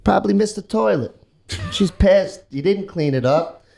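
A man's voice: sits high, expressive, moderate pace, gravelly, warm tone. A man co-hosting a casual podcast in a studio, joking loosely and swearing freely. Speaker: podcast co-host. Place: recording studio.

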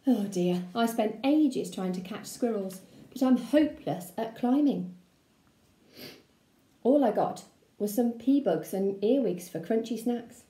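Woman teacher reading a storybook to pupils, expressive and playful, mellow voice, echoey classroom. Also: medium pitch. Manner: expressive read-aloud with childlike letter voice. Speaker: primary school teacher. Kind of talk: reading a children's book aloud.

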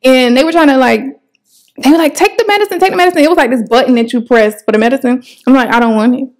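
A woman's voice: high voice, fast talker. A woman in a casual podcast chat, blunt and slangy, swearing freely. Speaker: podcast co-host.

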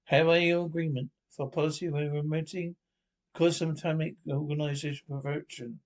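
A man's voice: a little high, little pitch movement, normal speed, natural voice. A man reading the part of a fussy, pompous ship's officer who talks in long, winding sentences.

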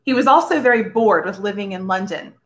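A woman reading a story aloud to schoolchildren, expressive and ready with character voices. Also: medium pitch, fairly quick.

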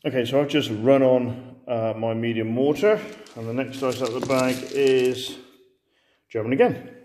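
A man's voice: mid-range voice, a little mellow, slight background noise. A man, casually commentating a tabletop wargame he is playing, chatty and joking. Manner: chatty, joking, quick asides. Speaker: host and wargame player. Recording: roomy hall with long reverb.

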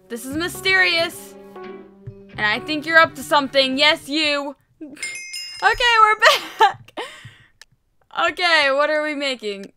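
A woman giving casual gameplay commentary while she builds, excitable and rambling, poking fun at herself. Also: high voice, slow, pauses often, soft background music. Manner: excitable, rambling, self-mocking. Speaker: Minecraft video creator.

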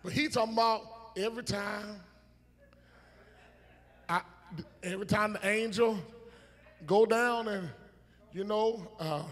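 High, bright-voiced preacher shouting in a hall. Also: male voice. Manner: call-and-response preaching, shouting and teasing the congregation; drawn-out, emphatic phrasing with sudden shouts. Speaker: pastor. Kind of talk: sermon. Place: church sanctuary. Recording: long church hall reverb.

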